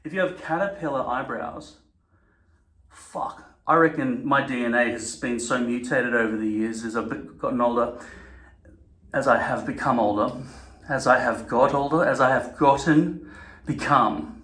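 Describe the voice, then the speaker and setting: A man's voice: medium pitch, normal speed, fairly bright tone. A man talking casually to camera, rambling, swearing and correcting himself mid-sentence. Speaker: vlogger. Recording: echoey room.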